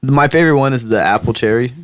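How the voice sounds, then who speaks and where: Casting: young man, relaxed podcast co-host, easygoing banter, mid pitch. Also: fast, slight background noise. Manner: laid-back, swears casually, laughs often. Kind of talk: casual chat.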